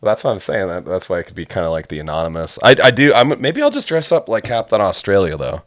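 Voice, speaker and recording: Chill young guy on a podcast, low voice, swears a lot, dry mic. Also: big pitch swings, fast, no echo. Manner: laid-back, swears casually. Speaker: podcast co-host. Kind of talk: casual podcast banter.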